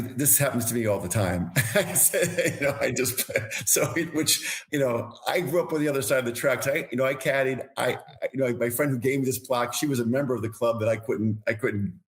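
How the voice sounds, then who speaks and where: A man, a podcast guest, telling long casual anecdotes with many restarts and repeated words. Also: mid-range voice. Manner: rambling anecdotes with frequent restarts. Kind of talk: casual storytelling.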